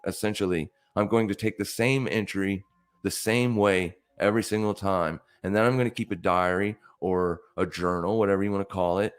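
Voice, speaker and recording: Male host, deep voice, casual live-stream trading talk, blunt coaching manner. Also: steady tone, normal speed, clean tone.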